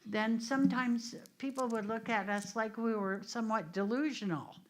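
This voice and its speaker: A woman's voice: fairly high pitch, moderate pace. Woman minister in a storytelling chat. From United States. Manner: conversational, storytelling, with restarts and asides. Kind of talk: informal teaching discussion. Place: church meeting room.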